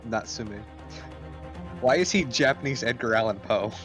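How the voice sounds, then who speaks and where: A man's voice: mid-range voice, normal speed, a bit bright. A man chatting casually and cracking jokes during a game stream, over game music. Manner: joking, teasing. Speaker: co-player. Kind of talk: casual chat.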